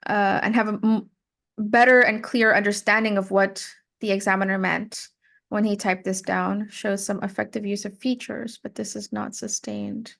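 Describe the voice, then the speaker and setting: Woman tutor, mid-pitched, patient, explains and models pronunciation clearly. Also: a bit bright. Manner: patient, explanatory, models words and sentences slowly. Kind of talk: giving spoken feedback in a one-on-one lesson.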